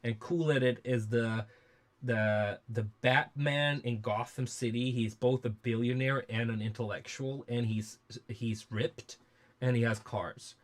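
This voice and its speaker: A man in a mid-pitched voice rambles through a casual studio livestream. He restarts his sentences often and swears freely. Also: steady tone, unhurried. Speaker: music producer and livestream host.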